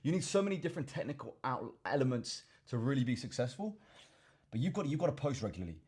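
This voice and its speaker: A man's voice: medium pitch, sing-song, fast talker, darkish tone, husky. A young man with an English accent, hosting a casual fitness Q and A and rambling with lots of repeated words. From England. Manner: rambling, repeats words, addresses viewers as chaps. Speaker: fitness coach and vlogger. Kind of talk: casual Q and A to camera.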